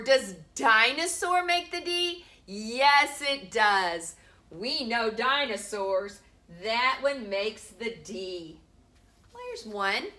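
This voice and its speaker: A middle-aged woman teaching a home preschool lesson, slowly sounding out letters for small children. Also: fairly high pitch, lively intonation, bright, forceful tone.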